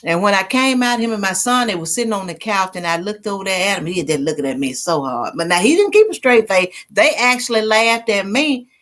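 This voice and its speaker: A middle-aged woman hosts a casual livestream, talking briskly with few pauses in an expressive, mid-range voice with a fairly bright tone. She's chatty, laughs easily, and reads her viewers' comments aloud.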